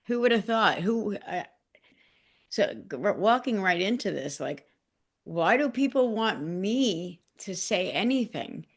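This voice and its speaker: Woman group member, near tears, self-deprecating, halting and raw. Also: mid-range voice, expressive. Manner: emotional, self-deprecating, many restarts. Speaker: group participant. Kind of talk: casual heartfelt sharing.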